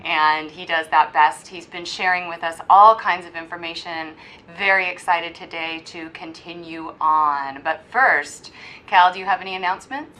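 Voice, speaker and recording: A woman co-hosting a casual podcast, speaking with warm enthusiasm and effusive praise, recorded at a hypnosis center. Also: fairly low pitch, moderate pace, rough recording. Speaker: podcast co-host.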